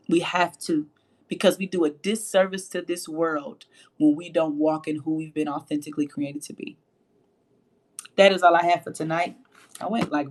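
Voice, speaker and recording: A woman with a notably low speaking voice hosts a faith-based motivational livestream. She preaches emphatically and drives her points home by repeating phrases. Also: a little mellow.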